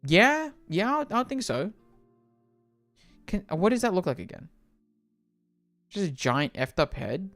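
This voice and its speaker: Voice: medium pitch, a little fast, pauses often, no echo, faint music behind. A livestreamer chatting casually while playing a game, rambling with many fillers and restarts. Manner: rambling, filler-heavy, animated.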